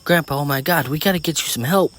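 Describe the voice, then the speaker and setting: A man with a low voice voicing a shy teenage girl heroine who stammers when nervous, in a told story. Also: lively intonation, a little fast. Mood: excited.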